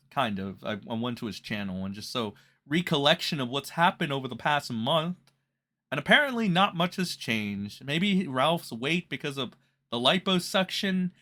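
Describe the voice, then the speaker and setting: Higher-voiced man ranting in reaction commentary. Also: pushed and bright. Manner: profane, mocking rant. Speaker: commentary host.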